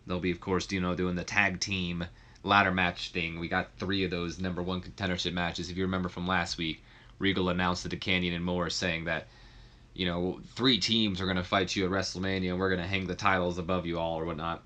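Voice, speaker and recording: Low-voiced guy rambling casually over a game, acting out lines here and there. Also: little pitch movement, fairly quick, sharp tone. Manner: rambling, loose, acts out the characters' lines. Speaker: video creator.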